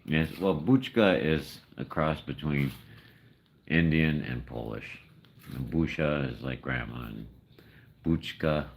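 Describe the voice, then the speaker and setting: An older man talks casually on a livestream and coaxes animals along. His voice is extremely deep and gravelly, and his pace is slow. His pitch still swings freely. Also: a little hiss or hum. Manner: coaxing, self-deprecating, chuckling. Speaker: livestream host feeding raccoons.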